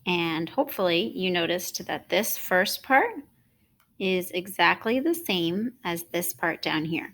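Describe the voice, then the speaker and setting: A woman teaching an online music lesson, explaining rhythm and solfege in a clear, patient, encouraging way. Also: on the low side, lively intonation, a little slow, a bit bright.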